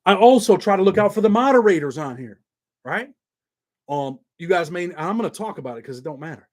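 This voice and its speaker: A middle-aged man talks straight to his viewers in a blunt, streetwise manner, with a voice that sits a little high for a man. He swears freely and keeps it loose and conversational. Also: lively intonation, a little fast. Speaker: YouTube channel host. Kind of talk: casual monologue to viewers.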